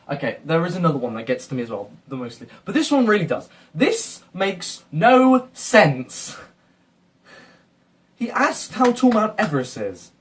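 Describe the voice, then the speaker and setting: Brief: male reactor, fed-up sweary rant, very animated pitch, slightly distant mic. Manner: exasperated, repeatedly insulting and swearing. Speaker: video reactor. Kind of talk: ranting reaction commentary.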